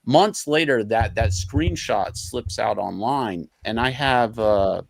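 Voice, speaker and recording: A man guesting on a podcast, a comic artist telling stories in a casual, animated way, swearing freely and acting out the arguments he recounts. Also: medium pitch, slow pace, vocal fry, no room sound, studio quality. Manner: animated, profane, acts out quoted arguments.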